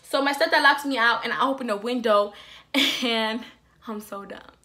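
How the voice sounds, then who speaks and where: Young female vlogger, animated storytime delivery, high-ish bright tone. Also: normal speed. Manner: animated, filler-heavy storytelling. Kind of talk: storytime vlog.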